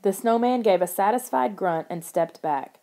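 A woman narrating a children's horror audiobook in the first person, steady and expressive. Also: mid-range voice, moderate pace.

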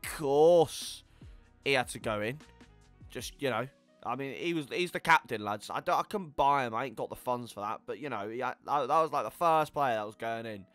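An eighteen-year-old man giving casual gameplay commentary, chatty and swearing, yelling at the game. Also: mid-range voice, fairly quick, no echo, faint music behind. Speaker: gaming YouTuber.

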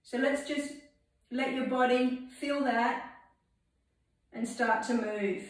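A woman with a fairly high voice leads a guided movement lesson, talking very slowly and calmly. She gives step-by-step instructions as an English teacher. Her voice rings through a very echoey room. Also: far from the mic. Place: library room.

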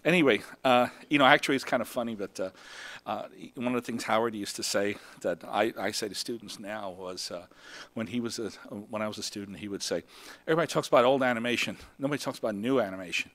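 A man's voice: fairly low pitch, a little fast, fairly bright tone. An older man from Brooklyn, New York, giving an emotional acceptance speech at a festival, rambling with many fillers. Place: festival stage.

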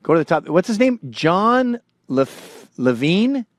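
A man in his forties hosting a show, telling profane comedic stories and jumping between low mumbling asides and sudden loud outbursts. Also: big pitch swings, takes it slowly, no room sound, clean studio sound. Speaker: show host.

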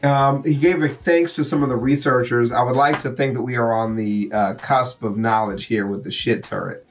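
A man hosting a laid-back reaction video at a mid-range pitch. He rambles through a story loosely, swearing freely as he goes. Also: steady tone, normal speed, faint music behind. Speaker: gaming channel host. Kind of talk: casual reaction chat.

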